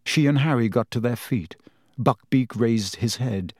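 Reading from a novel, this male narrator keeps a steady, even, storytelling pace. He has a mid-range voice, and the audiobook recording is echo-free with clean studio sound.

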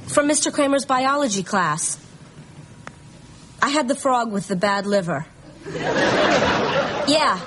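An awkward, self-mocking teenage girl, with a fairly high voice and a wry delivery. The old sitcom audio is noisy, with a studio audience laughing behind her. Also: expressive, slow pace, pauses often, a bit bright, a faint crowd.

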